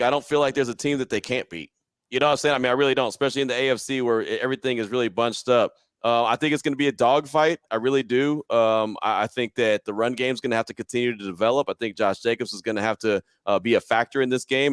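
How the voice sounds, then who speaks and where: A man's voice: medium pitch, clear, resonant tone, dry recording. A man in an interview, casually telling a story and acting out his own quotes with animation. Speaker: podcast guest, sports radio host.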